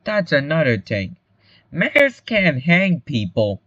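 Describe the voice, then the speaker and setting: A man's voice: fairly high pitch, very animated, slow pace, a bit bright, no room sound, highs cut off, exaggerated voice. A man voicing a blunt, sarcastic mercenary who lectures in an exasperated way.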